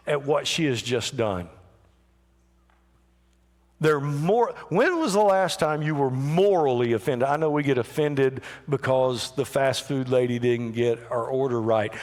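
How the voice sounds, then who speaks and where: A man preaching a sermon as pastor, his delivery swinging from hushed to raised and emphatic. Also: fairly high pitch, in a large hall. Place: church sanctuary.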